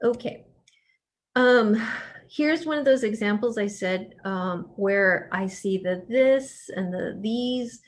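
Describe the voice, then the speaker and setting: Slow-talking woman professor, conversational. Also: mid-range voice. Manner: conversational, with frequent fillers and restarts; emphatic, coaching tone. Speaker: professor leading a writing workshop. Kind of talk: casual lecture.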